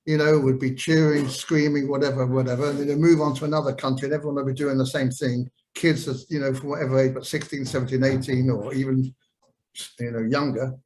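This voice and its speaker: A man's voice: medium pitch, a little mellow, slight background noise, rough recording. Rambling older man telling stories. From England. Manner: rambling, anecdotal, with many fillers. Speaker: guest. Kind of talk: storytelling interview.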